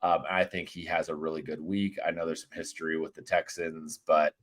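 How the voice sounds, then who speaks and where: A man's voice: rumbling low, little pitch movement, brisk. A man hosting a casual fantasy sports chat, rambling and joking with lots of fillers.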